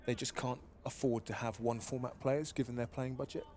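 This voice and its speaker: Measured analyst voice for cricket co-commentary, mid-pitched man, light background hiss. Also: level tone, darkish tone. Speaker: expert co-commentator.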